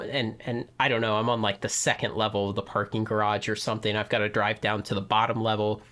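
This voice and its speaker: A man's voice: medium pitch, a bit bright. A man co-hosting a podcast who tells a long, rambling anecdote in casual chat, full of "you know" and restarts. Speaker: podcast co-host telling a story.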